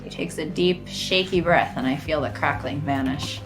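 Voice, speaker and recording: A woman's voice: low voice, moderate pace, over music. A woman host reading a visual novel aloud, adding playful, jokey asides. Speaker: let's play host.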